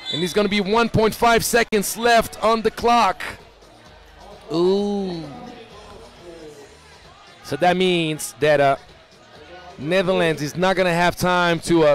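A man giving live basketball play-by-play, excitable and rising to shouts on big plays. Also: high voice. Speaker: play-by-play commentator.

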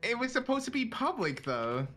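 A player in a tabletop game over voice chat who is quick to argue. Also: mid-range voice, big pitch swings, fairly bright tone, faint music behind.

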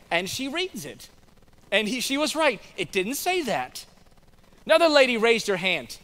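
An American man preaching a conversational sermon as pastor, acting out quotes with lively voices. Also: sits high, a little fast, big-room sound. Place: church sanctuary.

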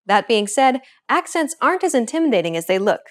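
A woman hosting a scripted language lesson, explaining grammar points in a clear, explanatory teaching delivery. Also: a little high, big pitch swings, fairly quick.

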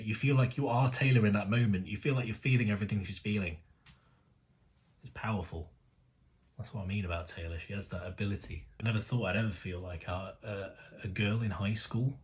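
A man with a fairly low voice reacts to music videos in loose, casual commentary. He gets excitable, swears freely and keeps talking straight to the screen.

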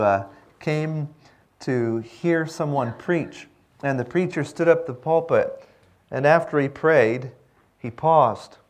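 A man teaching a seminary class on pastoral care, reflective and unhurried, with many pauses. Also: medium pitch. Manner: slow, reflective, with pauses and fillers. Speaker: seminary lecturer. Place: lecture room.

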